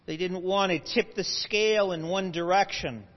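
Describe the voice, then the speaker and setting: A man's voice: sits high, normal speed. A man lecturing to a live audience, explaining step by step, with asides and self-corrections. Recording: dull lo-fi audio with long hall reverb.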